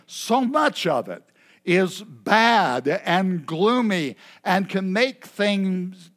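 A man preaching a sermon at an evening church service, halting often with filler pauses. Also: high-pitched. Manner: unhurried, halting delivery with many filler pauses. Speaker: pastor.

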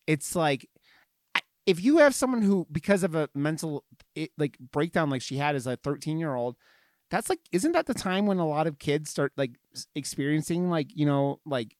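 Podcast co-host: young man, lively pitch, dry close sound, rambles and laughs. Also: normal speed, dry recording. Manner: rambling, laughs often, lots of fillers and restarts. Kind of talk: casual chat.

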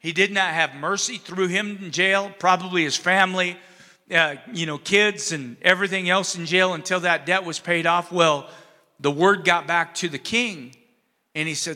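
A man delivers a sermon with a high, ringing, very bright voice. He tells the story conversationally, checking in with his listeners and acting out each character's lines. The sound carries a long hall reverb. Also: fairly even intonation, moderate pace. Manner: conversational, asks the audience "you know what I'm saying". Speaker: preacher.

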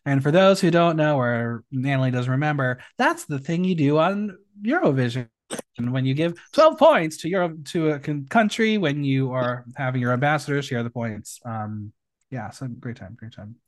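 Male podcast host, casual recap chat, opinionated, very lively pitch, dry close sound. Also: normal speed, no echo. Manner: animated, opinionated, swings between loud and hushed.

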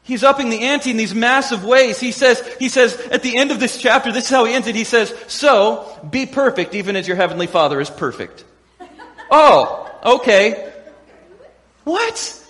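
A man preaching a sermon as pastor, animated and laughing often as he acts out the voices of crowds and quotes. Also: very high-pitched, fairly quick, hardly any pauses. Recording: echoey hall with long reverb.

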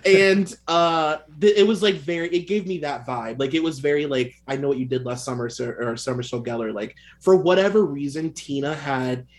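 A man's voice: fairly high pitch, a little fast, hardly any pauses. A man co-hosting a podcast, talking about horror films in a rambling way, full of "like" and laughs. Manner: rambling, heavy use of "like", laughs along. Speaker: podcast co-host. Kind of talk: casual movie chat.

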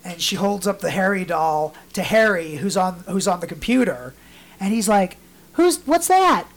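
A man's voice: sits high, moderate pace. Man, podcast co-host, rambling storyteller, casual chat. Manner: rambling storyteller, acts out quotes in mock voices.

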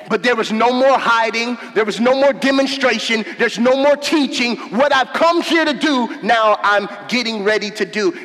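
A man preaching a sermon as pastor, emphatic, with folksy asides, swinging from shouts to low murmurs. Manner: casual, folksy asides to the congregation. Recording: long hall reverb.

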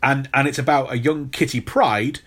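A man's voice: mid-range voice, steady tone, normal speed, fairly bright tone, slightly rough. A man hosting a podcast, telling a long story in casual chat with many restarts. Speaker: podcast host.

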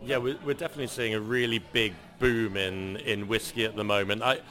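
Bright, enthusiastic stammering wine shop owner. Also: male voice, on the low side, steady tone, a little fast. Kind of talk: interview answers.

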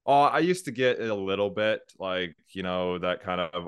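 Interview guest: very low-voiced man, ex-cop, smooth and dry, laughs easily. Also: moderate pace, dry recording. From United States. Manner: relaxed, laughs often, restarts sentences. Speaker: former police officer, guest. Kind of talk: casual interview conversation.

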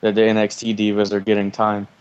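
Low-voiced man with dry, deadpan jokes. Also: fast talker, smooth, dull audio. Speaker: co-host watching a wrestling match. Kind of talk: casual live watch-along commentary.

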